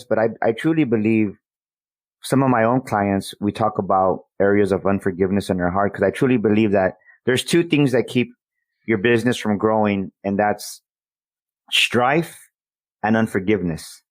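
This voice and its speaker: A man's voice: on the low side, moderate pace, no room sound. A man hosting an interview in casual chat, earnest and rambling, laughing easily as he shares. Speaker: host.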